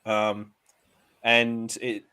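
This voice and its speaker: A man guesting on a casual livestream chat, talking in a relaxed, hesitant way with fillers. His voice sits fairly low but has a bright, forward edge. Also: extremely slow, clean tone.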